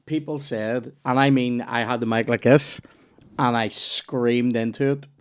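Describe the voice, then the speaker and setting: A young Northern Irish man chats loosely as a podcast host, spinning anecdotes that wander and restart. He swears freely and talks at an ordinary pitch for a man. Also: fairly even intonation, a little slow, clear, resonant tone. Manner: rambling, sweary storytelling with lots of restarts. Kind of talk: casual chat.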